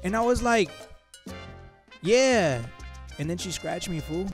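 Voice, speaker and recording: Man playing a cocky cholo, Chicano English accent, very high voice, lively swings, bossy teasing, faint music. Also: slow pace, full character voice. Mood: scheming. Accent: put-on Chicano English. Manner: bossy, teasing, calls everyone fool and dog. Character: cocky streetwise cholo guy, teasing friend. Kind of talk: comic role-play over gameplay.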